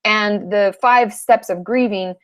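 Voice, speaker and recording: A therapist from Washington state, a woman in her thirties, answers viewer questions in a frank, chatty live Q&A, casually swearing now and then. Her voice sits at medium pitch and moves at a slow pace.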